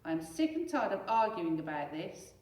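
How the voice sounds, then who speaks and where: A woman voicing a strict, exasperated mother who shouts and nags. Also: medium pitch, very animated, moderate pace, far from the mic, lightly acted. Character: nagging exasperated mum, loud and strict. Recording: echoey room, away from mic.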